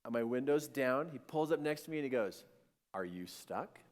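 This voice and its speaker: A man giving an animated storytelling sermon to a live audience and acting out the voices in his story. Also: medium pitch, fast talker. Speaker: speaker. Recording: long-reverb hall.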